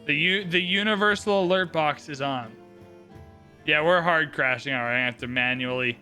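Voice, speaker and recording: A man commentating a live game stream, excitable and theatrical, swinging from shouts to mumbled asides. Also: on the high side, normal speed, soft background music. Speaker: livestream host commentating an AI game tournament.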